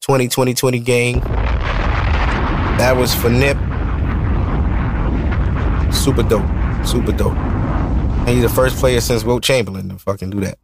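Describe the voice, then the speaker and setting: Gravelly Brooklyn man, loose podcast talk. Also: medium pitch, fairly even intonation, unhurried, pauses often, very noisy. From Brooklyn, New York. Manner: loose and profane, rambling storytelling. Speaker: podcast host. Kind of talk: casual solo podcast talk. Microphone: studio mic.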